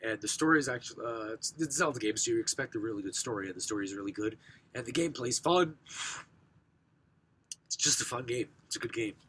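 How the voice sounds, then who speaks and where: A young man with a hoarse, rough voice from recent sickness, casually showing off his game collection, rambling and clearing his throat. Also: medium pitch, lively intonation, quick pace, a bit bright. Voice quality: rough, smoker-sounding voice. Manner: rambling, self-correcting, frequent throat clearing.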